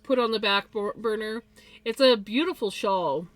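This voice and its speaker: A woman chatting casually on a crafting livestream, laughing often and cooing softly at her pet. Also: mid-range voice, moderate pace, dry recording. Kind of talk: casual chat.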